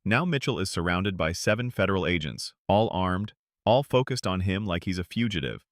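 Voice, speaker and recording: A man's voice: low voice, expressive, moderate pace, no echo, studio quality. A man giving scripted dramatic narration in a grave, emphatic manner.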